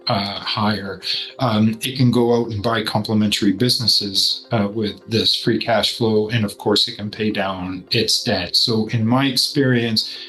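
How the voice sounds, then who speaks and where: A man speaking as a portfolio manager, walking through markets in a measured, explanatory way. His voice sits on the low side and stays fairly flat in pitch. Soft music plays faintly underneath. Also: poor audio. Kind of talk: investment commentary to camera.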